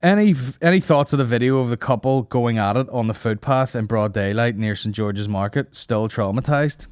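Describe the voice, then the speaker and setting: A man's voice: medium pitch, moderate pace, darkish tone, clean tone, no echo, studio quality. A man hosting a comedy podcast, rambling and swearing as he jokes. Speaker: podcast host. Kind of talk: casual comedy banter.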